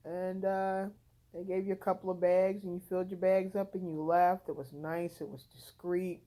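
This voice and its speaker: Tired woman with a mellow, low voice. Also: little pitch movement, moderate pace, low-quality recording. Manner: rambling, conversational, frank. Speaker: content creator. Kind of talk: casual vlog storytelling. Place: home.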